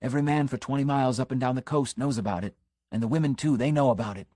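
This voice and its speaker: A man's voice: medium pitch, a little fast, darkish tone, no echo, studio quality, natural voice. A man reading the part of an earnest, scandalized middle-aged country constable who delivers an urgent, conspiratorial warning. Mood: hushed scandal. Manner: urgent, conspiratorial warning, drops to a stage whisper. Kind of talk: audiobook character reading.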